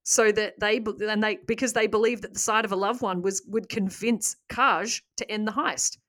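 A woman hosting a casual podcast, retelling a story with lively asides and laughs. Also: mid-range voice, normal speed. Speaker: podcast host.

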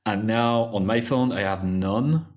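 A man with a French accent talks as a podcast host, his voice sitting a little low. He is frank and loose, restarting sentences and dropping casual swear words as he goes. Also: measured pace. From France. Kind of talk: casual conversation.

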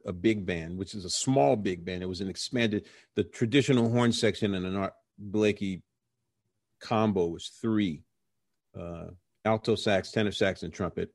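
A middle-aged man, a jazz musician being interviewed, telling stories about his early career in a lively, conversational way and acting out the voices he quotes. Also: lowish voice, no echo, studio quality. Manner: animated storyteller who acts out quoted voices.

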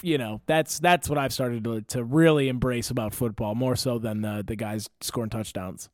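A man's voice: mid-range voice, steady tone, moderate pace, dry recording, studio quality. A man co-hosting a podcast, chatting in an enthusiastic, playful way. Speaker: podcast co-host. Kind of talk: casual chat.

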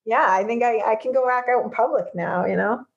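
A woman's voice: on the high side, a little fast, vocal fry, dull audio. A woman attorney from Massachusetts, a guest on a business podcast, chatting in a jokey, self-deprecating way. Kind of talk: casual podcast chat.

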